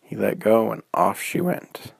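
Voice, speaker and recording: Man, bedtime story narration, slow, gravelly, lively pitch, dry close sound. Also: no echo.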